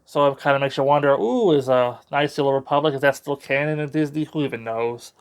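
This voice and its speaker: A man's voice: mid-range voice, quick pace, clean tone. A man giving a casual, rambling spoken book review with a sarcastic edge.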